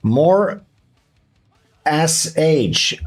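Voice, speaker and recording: A man's voice: fairly high pitch, animated, drawn-out words, soft background music. A man hosting a livestream in casual chat, joking and teasing his guest. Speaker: streamer host.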